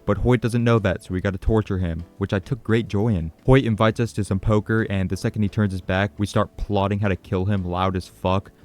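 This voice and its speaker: A man's voice: on the low side, steady tone, fairly quick, few pauses, a little mellow, faint music behind. A man narrating a comedic game recap in a crude, sarcastic way with constant swearing. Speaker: gaming commentator.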